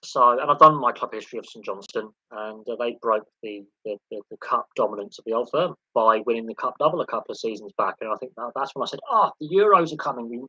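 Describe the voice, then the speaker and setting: A man hosting a relaxed live sports Q&A, talking off the cuff. He rambles, stumbles over repeated words and slips in dark jokes. His voice is bright and a little husky, heard dry and close. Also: medium pitch, fast, few pauses, no room sound, highs cut off. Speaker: host of a live sports Q&A stream. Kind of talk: casual live-stream chat answering viewer questions.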